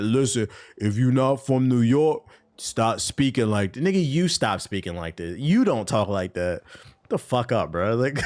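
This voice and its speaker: A man streaming a game, chatting casually with his chat in loose, profane slang. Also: medium pitch. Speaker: gaming streamer. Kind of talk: casual live-stream commentary while playing.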